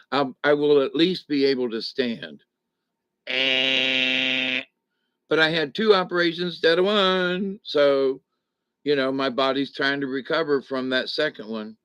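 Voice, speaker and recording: Recovering from back surgery, a middle-aged man chats live with viewers from home, rambling in a folksy style with chuckles between thoughts. His medium-pitched voice is bright, forceful, clear, and resonant. The recording is dry.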